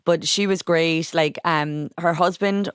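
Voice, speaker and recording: Chatty woman podcast host, smooth voice. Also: on the low side, measured pace, dry recording. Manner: chatty, animated, lots of fillers. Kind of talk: casual chat.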